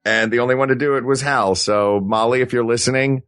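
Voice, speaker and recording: A man's voice: mid-range voice, fairly even intonation, a little fast, fairly bright tone, clear, resonant tone. A man co-hosting a comedy podcast, chatting casually and teasing his friend in a playful, jokey way. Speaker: podcast co-host.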